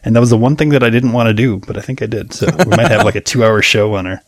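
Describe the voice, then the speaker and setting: A man co-hosting a podcast, talking in a low-key, self-mocking casual chat. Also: fast talker. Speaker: podcast co-host.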